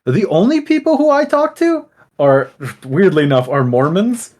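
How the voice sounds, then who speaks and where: A man's voice: high voice, very animated, moderate pace, a little mellow. A young man from Illinois co-hosting a casual podcast chat, blunt and rambling, with plenty of fillers and swearing. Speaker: podcast co-host.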